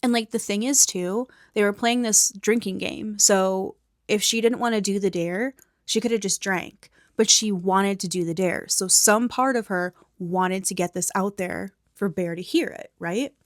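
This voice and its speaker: A young woman gives a soft-spoken ASMR film recap, sliding between a quiet voice and breathy whispers. Her commentary is casual and frank, with a bit of swearing. The sound is close and dry, with no room around it. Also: medium pitch, unhurried, no room sound. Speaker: movie recap host.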